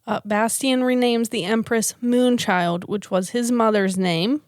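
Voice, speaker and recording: A woman's voice: a little high, a little slow, no echo, clean studio sound. A woman co-hosting a podcast, chatting casually and retelling a film plot with lots of laughter. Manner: giggly, animated storyteller who laughs often. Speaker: podcast co-host.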